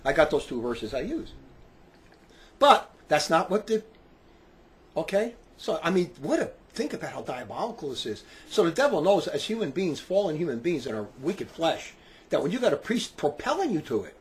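A man in his sixties preaching with passion, dropping to low quiet remarks and rising to shouts. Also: very animated, moderate pace. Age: 60s. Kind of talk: fiery preaching talk.

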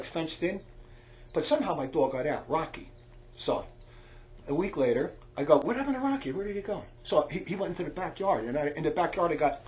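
A man telling a long, rambling story in a loud, heated way, often shouting and stumbling over restarts. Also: a little high. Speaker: storyteller on a talk recording.

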